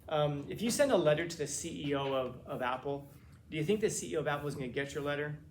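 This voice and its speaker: A man's voice: on the high side, expressive, quick pace, slight background noise. A man giving a casual, conversational classroom lecture, with joking asides and frequent restarts. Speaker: teacher.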